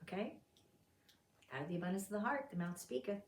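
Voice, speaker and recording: A woman teaches a Bible study in a fellowship meeting room, telling the story dramatically and acting out the characters' lines with sudden loud outbursts. Her medium-pitched voice is expressive and brisk. She is far from the mic, so the sound is roomy and carries a little hiss or hum.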